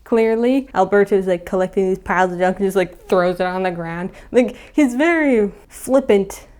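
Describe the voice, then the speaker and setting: A woman's voice: mid-range voice, normal speed, darkish tone. Rambling young woman retelling a plot. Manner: rambling, filler-heavy, chuckling. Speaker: video creator.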